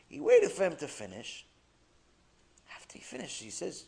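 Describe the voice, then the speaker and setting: Man, rabbi type, high voice, animated lecture storyteller. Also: a little fast, creaky. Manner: animated storyteller, acting out characters, swings from loud to hushed. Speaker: rabbi teaching a class. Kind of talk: sermon.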